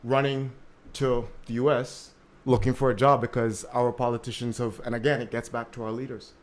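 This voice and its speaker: A man's voice: mid-range voice, flat delivery, moderate pace. A man from Jamaica speaking as a panelist in a panel discussion, telling a story with energy and repeating words while he searches for them.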